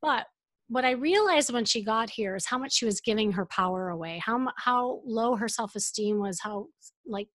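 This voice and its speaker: A woman dating coach and therapist telling a client story in an interview, animated and full of fillers. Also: mid-range voice, no echo.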